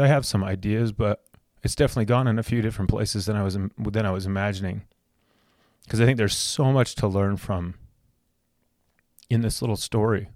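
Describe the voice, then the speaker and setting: A man in his thirties tells a personal story on his own podcast, his low voice earnest and heartfelt. He stumbles and repeats words as he goes, and the recording is dry, close and free of any room echo. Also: a little mellow. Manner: heartfelt, repetitive restarts. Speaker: podcast host.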